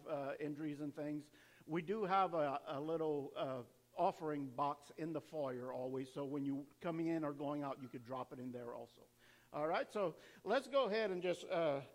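Chatty pastor with a higher voice. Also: male voice. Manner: casual, chatty, laughs easily, restarts. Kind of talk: church announcements and offering. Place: church sanctuary.

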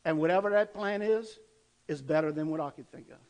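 A man with a notably high voice delivers a sermon. He talks to his listeners in an earnest, conversational way and keeps posing rhetorical questions. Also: brisk, a little mellow, low-quality recording. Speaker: pastor.

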